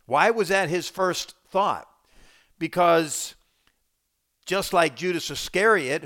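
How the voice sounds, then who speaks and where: A man preaching in the pulpit, his voice sitting a little high. His delivery swings from quiet low asides to loud, emphatic rises. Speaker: pastor. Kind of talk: sermon.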